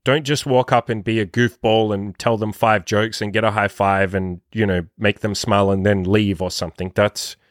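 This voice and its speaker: A man giving dating advice as a podcast host, talking casually and swearing a lot, acting out quoted lines in a higher voice. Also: normal speed, few pauses, dry recording, clean studio sound. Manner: profane, animated, acts out his own quotes in a higher voice. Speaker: dating coach.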